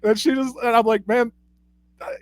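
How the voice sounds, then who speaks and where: A young man tells a rambling, stammering story on a comedy podcast, acting out each customer in turn. His voice sits high for a man. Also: little pitch movement, fairly quick. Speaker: podcast co-host.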